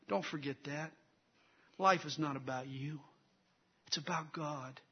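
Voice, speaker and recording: A male pastor preaching a sermon, telling stories dramatically and swelling loud before dropping low. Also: measured pace, slightly rough, lo-fi sound.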